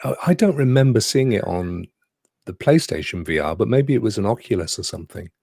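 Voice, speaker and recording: Chatty man with gravelly voice. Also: fairly low pitch, lively intonation, brisk, a little mellow, no room sound, clean studio sound. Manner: chatty, laughing, rhetorical asides. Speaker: podcast co-host. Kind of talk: casual live stream chat.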